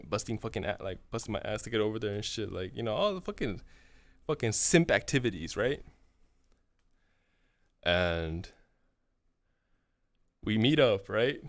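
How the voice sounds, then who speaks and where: A young man streams a long, rambling story, swearing freely and checking in with "right?" after almost every phrase. His voice sits at an ordinary middle pitch. It is recorded close and dry, with no room sound. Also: dry recording. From California. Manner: profane, rambling, fills every pause with "right?". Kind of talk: casual storytelling to chat.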